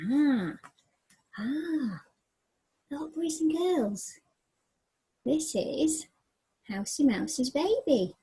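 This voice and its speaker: A woman teacher reading a picture book aloud to young children, with animated, sing-song storytelling and puppets. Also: high-pitched, slightly rough. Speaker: primary school teacher.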